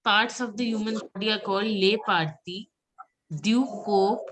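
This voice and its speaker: A woman teaching a French pronunciation class, drilling words slowly and patiently. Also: mid-range voice, background noise.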